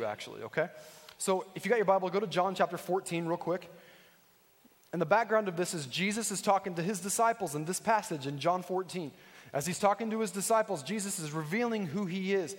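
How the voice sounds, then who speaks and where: A man preaches in an earnest, conversational way, often turning to ask the congregation questions directly. His voice sits high for a man. The sound carries a long reverb, as if recorded in a large hall. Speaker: pastor. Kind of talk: sermon.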